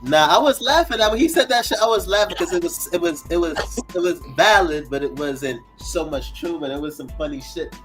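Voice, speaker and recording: A man's voice: a little high, lively intonation, fairly quick, few pauses, a bit bright, soft background music. Rambling, laid-back East Coast man. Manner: loose and rambling, laughs often, lots of fillers. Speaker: panelist. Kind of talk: casual panel talk.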